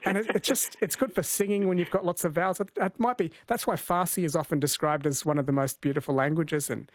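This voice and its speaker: A man hosting a radio show, chatting casually with a caller, laughing easily and reading quiz questions slowly. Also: a little high, fairly even intonation, no echo. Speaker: radio host running a quiz.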